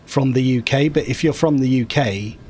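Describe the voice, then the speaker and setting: A man's voice: medium pitch, normal speed, darkish tone, slight background noise. A man with a Yorkshire-Lancashire accent, rambling and thinking aloud in wry, joking gameplay chat. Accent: Yorkshire-Lancashire northern English. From north of England. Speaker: gaming streamer playing an online game. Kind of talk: casual gameplay commentary and chat.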